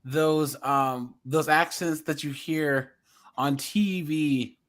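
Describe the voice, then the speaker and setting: Casting: Californian male podcast host, slightly high voice, loose and rambling, chuckles between thoughts. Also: takes it slowly, fairly bright tone. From US West Coast. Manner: rambling, chuckling, many fillers. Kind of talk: casual podcast chat.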